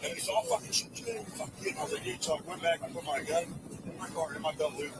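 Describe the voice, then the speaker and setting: A man excitedly telling police about a dispute, swearing and acting out the other man's lines. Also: a little high, quick pace, far from the mic, very noisy. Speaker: man involved in a roadside dispute. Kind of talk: agitated account to police.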